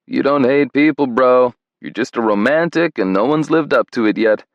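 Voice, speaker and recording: A man's voice: mid-range voice, normal speed, no room sound, dull audio, voice pushed up, close to an everyday voice. A man voicing an easygoing young male best friend with a breezy, teasing delivery.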